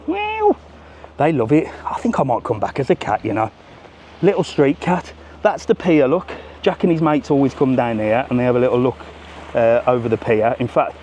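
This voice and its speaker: A man's voice: medium pitch, darkish tone, slight background noise. A middle-aged man with a cheeky, chatty manner, hosting a live walking vlog on a seaside promenade. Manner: cheeky, chatty, jokes with strangers. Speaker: travel vlogger.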